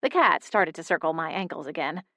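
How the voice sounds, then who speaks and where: A young woman narrating a first-person audiobook in a steady, intimate storytelling manner. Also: sits low, fairly quick, no room sound, studio quality. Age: young adult.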